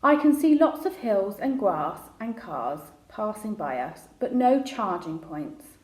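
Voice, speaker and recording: A practical, dry-witted girl from a children's story, talking in a matter-of-fact way, as a woman reading aloud gives her lines. The voice is mid-pitched and echoes in a roomy space. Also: sing-song, slow pace, darkish tone. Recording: roomy echo.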